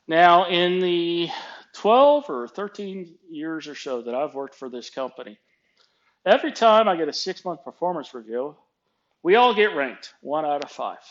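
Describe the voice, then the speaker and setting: Middle-aged man, blunt and sarcastic, casual rant, dull lo-fi audio. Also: on the high side. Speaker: storyteller ranting about his job. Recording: dull lo-fi recording.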